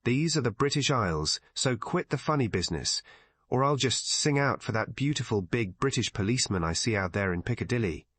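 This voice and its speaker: A man with a light American accent voicing a pugnacious, blunt American man of about thirty-five in an audiobook, slightly raised in pitch. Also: expressive, fairly quick, a bit bright, husky, no echo. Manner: blunt, abrupt speech.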